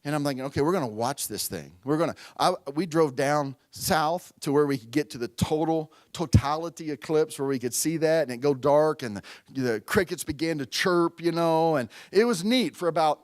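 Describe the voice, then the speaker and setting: A man's voice: on the high side, moderate pace, no room sound. A middle-aged man preaching a sermon at a church, conversational and storytelling, calling out to the congregation. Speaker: pastor.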